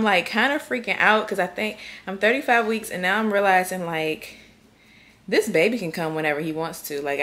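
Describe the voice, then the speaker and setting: A woman's voice: low voice, a bit bright, echoey room. A young woman vlogging in a casual, rambling way, with a congested voice. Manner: chatty, rambling with many fillers. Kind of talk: casual vlog chat.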